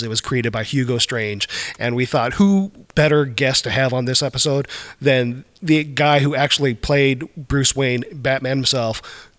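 Podcast host: man, middle pitch, brisk and upbeat, casual. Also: a bit bright.

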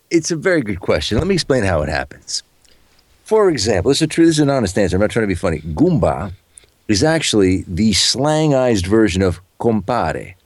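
Podcast guest: playful man, voice actor, lively pitch swings, dry close sound. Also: no room sound. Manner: playful, joking, cusses freely. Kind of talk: casual chat.

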